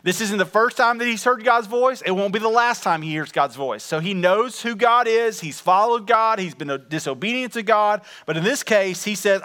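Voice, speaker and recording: A man delivers a sermon to his congregation, his voice sitting high and ringing bright. He keeps it conversational and animated, leaning in and talking directly to the room. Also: normal speed, hardly any pauses. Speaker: pastor. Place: church.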